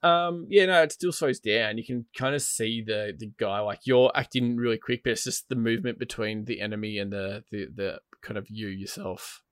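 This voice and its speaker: A man's voice: on the low side, steady tone, normal speed, hardly any pauses, a bit bright, smooth, dry recording, studio quality. A man chatting casually about a game, rambling, laughing and swearing, full of fillers. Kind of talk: casual gaming chat.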